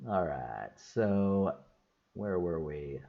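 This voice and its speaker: Low, slow-talking man reviewing a film. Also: expressive, gravelly, phone-quality sound. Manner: rambling, enthusiastic, frequent fillers and laughs. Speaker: movie reviewer. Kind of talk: casual spoken film review.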